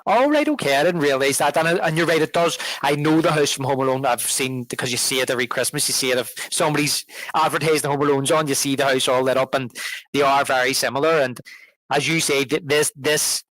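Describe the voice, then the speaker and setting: A man's voice: mid-range voice, fast talker, fairly bright tone, no room sound, poor audio. A man co-hosting a film podcast, rambling through a casual film discussion with many restarts as he retells scenes. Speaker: podcast co-host. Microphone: podcast microphone.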